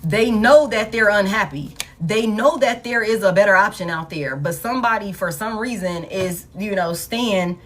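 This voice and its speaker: A woman's voice: mid-range voice, slight background noise. A woman giving a collective love tarot reading in a blunt, profane and emphatic way, repeating phrases for emphasis. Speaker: tarot reader.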